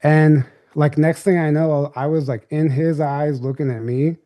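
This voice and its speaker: A man's voice: a little high, fairly even intonation, unhurried, warm tone. A young adult man, a podcast guest, telling a story in a loose, rambling, casual way.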